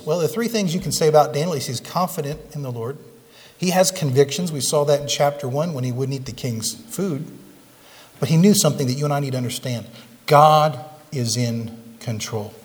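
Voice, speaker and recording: Higher-voiced pastor preaching in an echoing church. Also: male voice. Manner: conversational preaching, asks the congregation questions. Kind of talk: sermon. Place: church sanctuary with pews.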